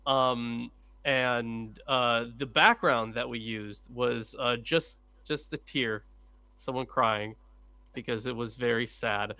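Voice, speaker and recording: A man's voice: mid-range voice, fairly even intonation, slow pace, bright, forceful tone, dry recording. A man hosting a casual panel chat, blunt and swearing casually. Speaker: host.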